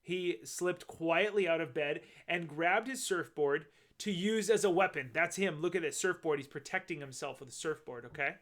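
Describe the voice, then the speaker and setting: A man with a fairly high voice reads a children's picture book aloud. He stops often to chat about the pictures and point out small details. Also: moderate pace, hardly any pauses, a bit bright. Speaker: storybook reader.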